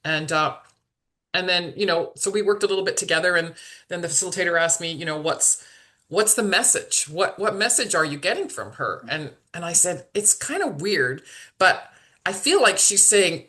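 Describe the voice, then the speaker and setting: A woman guest recounting a personal story on a podcast, her bright, clear tone carrying real emotion. She speaks hesitantly, circling back over words with fillers and restarts. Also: lowish voice, animated, normal speed. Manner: openly emotional, vulnerable.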